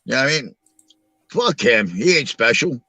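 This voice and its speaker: A man's voice: medium pitch, big pitch swings, moderate pace, pushed and bright, slightly rough, dry recording. A middle-aged man from Long Island, hosting a live-stream and telling blunt, profane street stories. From Long Island, New York. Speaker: show host. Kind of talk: casual live-stream talk.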